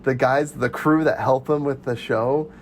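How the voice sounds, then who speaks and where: A man co-hosting a casual movie chat, giggling often and acting out quotes in a high voice. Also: fairly even intonation, measured pace, a little hiss or hum. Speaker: podcast co-host.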